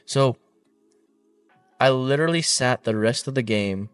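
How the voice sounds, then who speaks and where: A man's voice: medium pitch, unhurried, smooth, no room sound. A young man co-hosting a casual podcast, telling stories in a laid-back way and swearing now and then. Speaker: podcast co-host. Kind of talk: casual chat. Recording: slightly distant mic, dry room, faint music.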